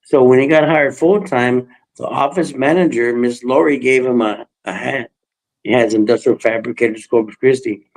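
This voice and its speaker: Emotional halting grandfather, rambling. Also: mid-range voice, fairly even intonation, low-quality recording. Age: older. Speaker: guest. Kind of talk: emotional personal story on a livestream.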